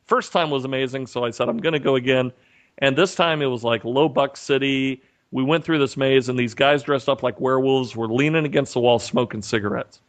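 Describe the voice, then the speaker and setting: A man's voice: medium pitch, brisk. A man co-hosting a podcast over a remote call, telling a story in casual chat and acting out the lines of the people in it. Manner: animated storyteller, acts out quotes. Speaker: podcast co-host. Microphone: remote call mic.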